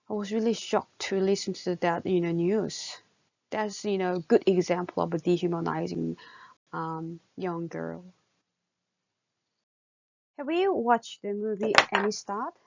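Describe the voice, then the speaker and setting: A woman with a Korean accent lectures at a steady, explanatory pace, asking her students questions and filling pauses as she thinks. Her voice carries a gravelly edge. The recording is dull and dry, like a simple lecture-capture setup. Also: fairly low pitch, no room sound. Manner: explanatory, with many fillers and rhetorical questions. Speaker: university lecturer.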